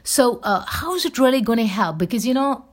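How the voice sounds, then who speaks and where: A woman's voice: on the high side, expressive, a little fast. A woman hosting a casual solo talk show, rambling and candid with lots of fillers and restarts. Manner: candid, chatty. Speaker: show host.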